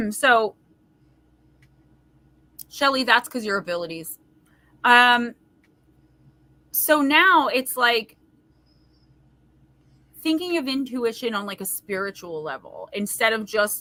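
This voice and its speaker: A woman hosting a live stream, reading oracle cards and chatting casually with viewers in a rambling way. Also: a little high. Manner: chatty, rambling, warm-hearted asides to viewers. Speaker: host and oracle card reader. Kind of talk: casual livestream card reading.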